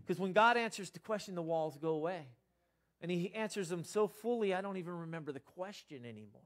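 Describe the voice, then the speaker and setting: A man's voice: lively intonation, brisk. Earnest man preaching with swings in volume. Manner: earnest, rising to emphatic bursts then dropping low. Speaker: pastor. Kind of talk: sermon.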